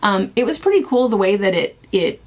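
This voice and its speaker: A middle-aged woman co-hosting a casual chat, telling stories in a rambling, animated way. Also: mid-range voice, fairly quick. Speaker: co-host.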